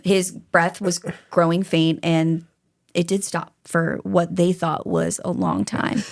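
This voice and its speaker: A woman co-hosting a podcast, telling a true crime story in a casual, animated way, swearing freely and laughing as she goes. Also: fairly low pitch, slow, vocal fry.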